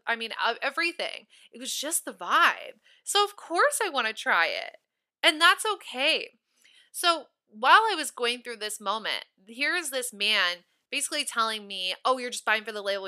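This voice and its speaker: Brief: woman host, lively storyteller, very bright and smooth, slightly high. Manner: animated, giggly, emphatic. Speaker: podcast host. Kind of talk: casual storytelling monologue.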